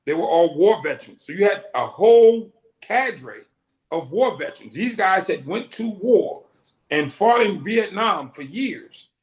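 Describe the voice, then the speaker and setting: A middle-aged man from Boston tells his story as an interview guest, acting out whatever dialogue he quotes with vivid flair. His high, animated voice moves a little slowly, and the audio has a roomy echo.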